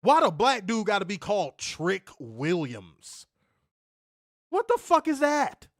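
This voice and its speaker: High-voiced man ranting in exasperation. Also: huge pitch swings, takes it slowly, no room sound, studio quality. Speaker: co-host of wrestling review show. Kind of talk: casual podcast commentary.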